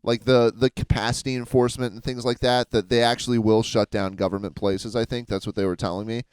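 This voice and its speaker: Blunt, teasing man, smooth clear voice. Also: mid-range voice, level tone, a little mellow, no echo. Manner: blunt, swears, quick to laugh and tease. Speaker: podcast co-host. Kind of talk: casual podcast chat.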